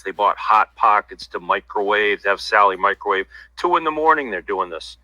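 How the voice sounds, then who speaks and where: A man's voice: on the low side, normal speed, bright, forceful tone, no room sound, rough recording. A man talking bluntly and at length as an interview guest, passing on inside gossip in casual livestream chat. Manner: blunt, rambling insider talk.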